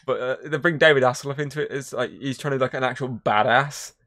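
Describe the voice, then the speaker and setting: Speaking at a quick pace in a mid-range voice, this man hosts a podcast where he reviews movies in relaxed conversation. His style is rambling and animated, with frequent swearing as he retells scenes.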